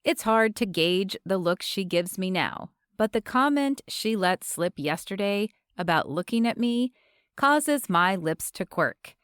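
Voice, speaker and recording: A woman narrating a sweet romance audiobook in a measured, expressive way. Her voice sits mid-range, recorded close and dry with no room sound. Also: mid-range voice, smooth, no room sound.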